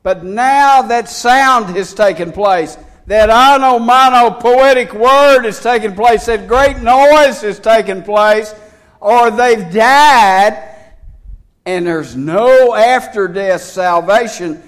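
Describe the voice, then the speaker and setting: A man's voice: high-pitched, takes it slowly, hardly any pauses, a bit bright. A man preaching a folksy, emphatic sermon, reading scripture aloud between his points.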